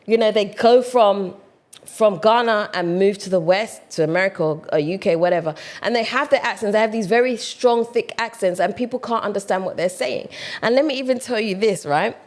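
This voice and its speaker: A woman with a British accent, talking casually to camera in a chatty, animated way. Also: mid-range voice, a little fast. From United Kingdom. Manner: chatty, animated, mimics other voices. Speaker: vlogger.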